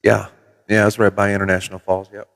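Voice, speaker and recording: A middle-aged man from Minnesota hosting a casual livestream from his CB radio shop, telling relaxed folksy stories with mild swearing. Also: fairly low pitch, fast talker, gravelly, long reverb tail. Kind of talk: casual livestream chat with viewers. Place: CB radio shop in New Mexico.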